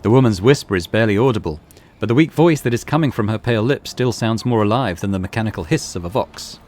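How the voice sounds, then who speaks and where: A man's voice: fairly low pitch, animated, fast, a little mellow. A man playing through a role-playing game, reading its text aloud with casual asides. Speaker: gaming YouTuber.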